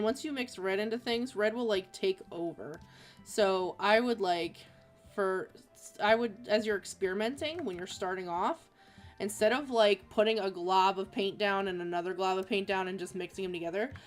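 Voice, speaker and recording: A woman talking casually on a drawing stream, chatty and rambling with plenty of fillers. Her voice sits at an ordinary pitch for a woman. Soft music plays quietly behind her. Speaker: streaming artist. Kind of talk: casual chat while drawing.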